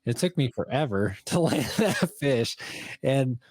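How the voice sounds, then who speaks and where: A man's voice: mid-range voice, animated, measured pace, a little mellow, dry recording, clean studio sound. A middle-aged man co-hosting a podcast, telling fishing stories in an easygoing, casual way. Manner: storytelling, easygoing. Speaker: podcast co-host. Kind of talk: casual conversation.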